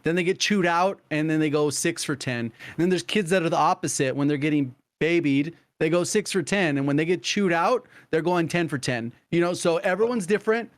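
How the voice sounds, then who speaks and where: A man with a notably high voice talking on a gaming podcast. He builds long explanations around examples, in an easy chatty way. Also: brisk, few pauses. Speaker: podcast co-host. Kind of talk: casual gaming podcast chat.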